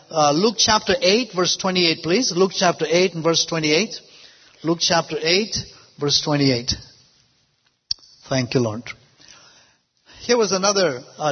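A man's voice: high-pitched, breathy edge. A man preaching a sermon, telling a story from his own ministry and breaking in often with praise and hallelujahs. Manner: storytelling, frequent "praise God" and "hallelujah" interjections. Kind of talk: sermon with personal testimony. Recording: lo-fi recording with long hall reverb.

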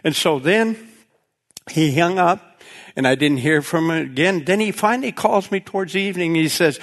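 A man preaching in an animated, folksy storytelling manner, often breaking into laughter. His voice sits a touch higher than most men's, and he addresses the congregation directly. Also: normal speed. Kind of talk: storytelling sermon.

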